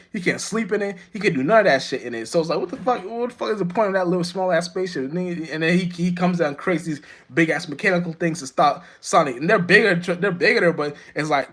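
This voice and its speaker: A man talks quickly in a slightly high voice, rambling through a profane spiritual monologue. He keeps restarting his sentences and leans on "you know what I'm saying." Now and then he jumps up sharply in pitch and volume. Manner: jumps high and loud when acting out his own outbursts. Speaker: vlogger.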